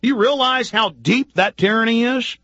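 A man hosting a radio talk show, delivering an urgent, ranting political monologue full of rapid-fire rhetorical questions. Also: very high voice, sharp tone, dry recording, dull audio. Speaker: radio host.

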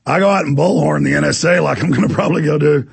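A man who is a hoarse, gravelly talk radio host with a rather high pitch. He rants with fiery sarcasm and bursts into shouts. His voice sounds rough and worn from screaming. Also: fast. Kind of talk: heated talk radio ranting.

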